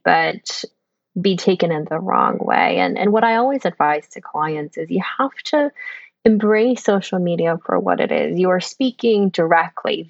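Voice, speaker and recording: Low gravelly woman, dry dull audio. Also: dry recording. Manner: thoughtful, uses many fillers like "you know" and "right". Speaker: guest consultant. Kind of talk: conversational interview answers.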